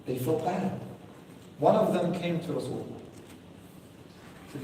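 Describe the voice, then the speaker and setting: A man giving a Ramadan sermon as an expressive storyteller who lifts his voice for emphasis. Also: fairly high pitch, a little slow, long pauses, slight background noise. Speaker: Islamic lecturer. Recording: echoey hall, voice from far off.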